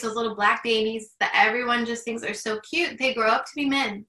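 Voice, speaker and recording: A woman in her thirties speaks with heartfelt earnestness in a loose, chatty way. Her voice is bright and forceful. She sits a little back from the mic in a roomy, echoing space. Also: a little high, recorded from a distance. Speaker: guest. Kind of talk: candid conversation.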